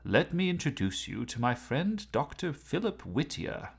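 A man's voice: medium pitch, very animated, measured pace, gravelly, slightly rough, pitched above the performer's own voice, exaggerated voice. A man voicing a jovial male professor with a hearty manner.

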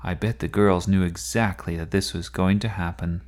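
A man's voice: low-pitched, fairly even intonation, moderate pace, a little mellow, natural voice. A man voicing a smug, teasing young boy in a storybook. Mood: gloating. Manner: gloating and playful.

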